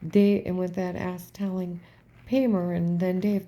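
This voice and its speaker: A woman's voice: fairly low pitch, flat delivery, unhurried, dark tone, slight background noise. A woman telling a personal story in a rambling, emphatic way, often dropping to a whisper. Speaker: storyteller recounting events.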